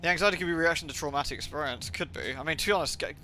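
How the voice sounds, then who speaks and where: A man's voice: on the high side, racing, sharp tone, faint music behind. A young man from England rambling and swearing on a livestream, with lots of filler words. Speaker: streamer. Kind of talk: livestream gaming chat.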